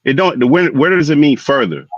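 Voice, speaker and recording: A man's voice: fairly high pitch, expressive, normal speed, dry recording. Pressing man on a dull, dry call. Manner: pressing, repeats himself, reads aloud. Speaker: guest caller. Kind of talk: heated casual debate.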